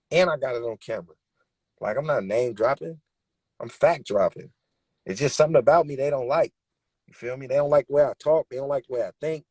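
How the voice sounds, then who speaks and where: Young male rapper, husky voice, dry close sound, emphatic streetwise storyteller. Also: fairly high pitch, a little mellow, no echo. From Bay Area, California. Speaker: rapper and interview guest. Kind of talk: candid interview talk.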